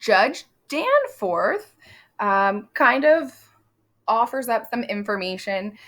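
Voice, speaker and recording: A woman's voice: fairly high pitch, big pitch swings, a bit bright. A woman teacher talking through a play in a conversational lesson, tossing questions to students and reading quoted lines aloud. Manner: conversational, with quick asides and quizzing questions. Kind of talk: recorded classroom lesson walking through a play.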